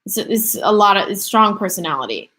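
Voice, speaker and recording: Talking fast with lively intonation, a livestream host in her twenties works through her viewers' questions in a loose, filler-heavy ramble. Her mid-range voice sounds bright and forceful.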